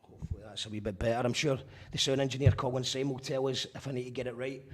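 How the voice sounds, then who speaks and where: A radio host with a Glaswegian accent runs a casual live-stream interview remotely from abroad. His mid-range voice is fast and fairly flat in pitch, and he keeps things chatty and loose, letting the odd swear word slip.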